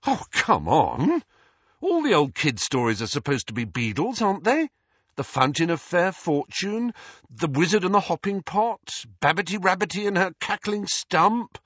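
A man's voice: on the low side, huge pitch swings, moderate pace, a bit bright, husky, dry recording, heavily acted. A man voicing an easygoing, joking teenage boy who talks bluntly, in an audiobook reading. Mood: incredulous. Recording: dull lo-fi audiobook recording.

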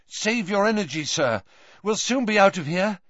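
A man's voice: high voice, lively intonation, normal speed, a bit bright, no echo, dull audio, pitched above the performer's own voice. A man voicing an anxious, protective teenage boy wizard who pants and urges in a raised, urgent voice. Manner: panting, urgent, reassuring.

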